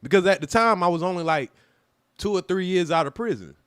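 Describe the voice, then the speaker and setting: Man, high voice, dry and close, tells a story animatedly with lots of cursing. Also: a little fast, smooth, dry recording. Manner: animated, profane, acts out quoted voices loudly. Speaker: livestream host telling a personal story. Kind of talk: casual livestream storytelling.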